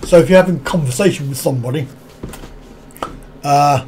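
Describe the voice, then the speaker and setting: Man, live stream host, high voice, rambling casual chat, frequent chuckles, reads out comments. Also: a little fast, a little mellow, a little hiss or hum. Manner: rambling, reads viewer comments aloud and answers them; chuckles often.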